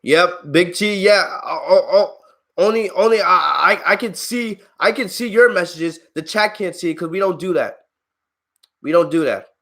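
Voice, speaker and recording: A man's voice: high-pitched, normal speed, bright, forceful tone. A man hosting a live-stream wrestling review, ranting in an exasperated, heated way at viewers in his chat, swearing freely and laughing at them. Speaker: wrestling channel host.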